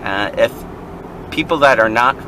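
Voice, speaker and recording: In a low-quality recording, a man co-hosting a vlog chats casually from a car stuck in traffic. His medium-pitched, sharp voice moves at a measured pace as he rambles through a story and laughs often.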